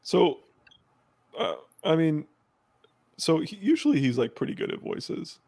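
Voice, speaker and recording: A man's voice: fairly high pitch, sing-song, unhurried, creaky, darkish tone. A man co-hosting a casual podcast, teasing and heckling with jokes. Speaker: podcast co-host.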